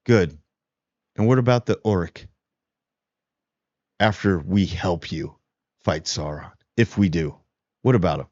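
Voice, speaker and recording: Casting note: a wary, scheming orc chief with a lowered, measured delivery, a man putting him on, recorded dull and dry. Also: a little mellow, no echo. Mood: suspicious. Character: calculating male orc leader, guarded and suspicious.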